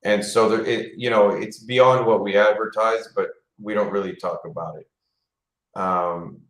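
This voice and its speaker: A man speaking as a guest in a casual interview, earnest and soft-spoken. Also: on the low side, fairly even intonation, unhurried. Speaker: guest, company founder. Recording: roomy sound.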